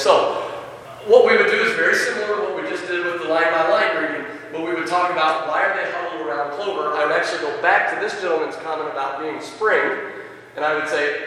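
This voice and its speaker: A man demonstrating a lesson for teachers, animated and expressive, questioning his audience and reading passages aloud with feeling. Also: on the high side, a little hiss or hum. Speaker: teacher leading a teacher workshop. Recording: echoey hall, from a distance.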